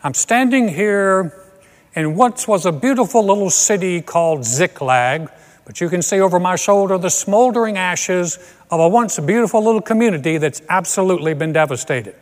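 A man playing a male TV news reporter on the scene, with a polished, slow broadcaster cadence. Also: high-pitched, expressive, big-room sound. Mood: grave reporting.

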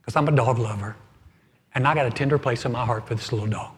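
A middle-aged man preaching as pastor, telling a humorous story with animated swings from loud to soft. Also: mid-range voice, quick pace. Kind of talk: humorous sermon. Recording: hall reverb.

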